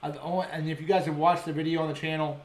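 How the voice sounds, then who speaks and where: A man hosting a fishing show, telling fish stories in casual, excited chat with sound effects and frequent restarts. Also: a little high, quick pace, echoey room.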